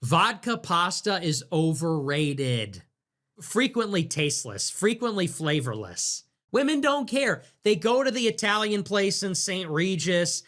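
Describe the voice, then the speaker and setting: A man's voice: high voice, big pitch swings, measured pace, a bit bright. A young man hosting a livestream, reacting to chat in a crude, sarcastic, ranting way. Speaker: livestream host.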